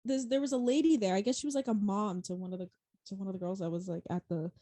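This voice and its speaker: A woman's voice: mid-range voice, steady tone, quick pace, warm tone, no room sound. A young woman co-hosting a podcast, telling a story in casual chat, rambling, laughing often and swearing freely. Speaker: podcast co-host.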